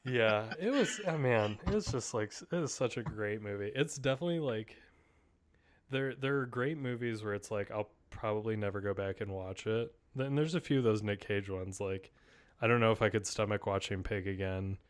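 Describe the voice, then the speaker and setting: Speaking at a normal pace in a fairly low voice, this male co-host keeps the podcast conversation loose and eager. Fillers and false starts crop up throughout his casual talk.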